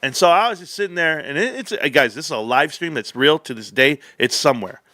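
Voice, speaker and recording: Forceful man rambling on a livestream. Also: fairly high pitch, a little fast, dry recording, studio quality. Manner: animated, profane, with many restarts and asides. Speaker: livestream host.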